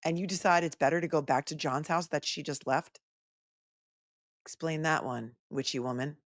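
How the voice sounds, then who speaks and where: Woman, attorney commentator, sarcastic, low voice, dry close sound. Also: moderate pace, no room sound. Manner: sarcastic, animated asides. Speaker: attorney commentator hosting a livestream. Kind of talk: live trial commentary.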